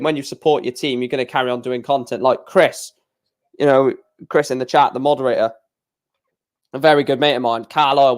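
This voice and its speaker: A young man chatting casually on a live stream, rambling with stammered restarts and blunt opinions. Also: medium pitch.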